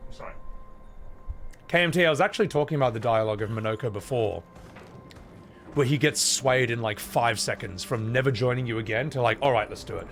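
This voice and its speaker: A man's voice: medium pitch, brisk, pauses often, a bit bright, soft background music. A man with an Australian accent chatting casually to his viewers while playing a video game, rambling and swearing freely. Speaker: streamer. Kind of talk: casual gaming commentary.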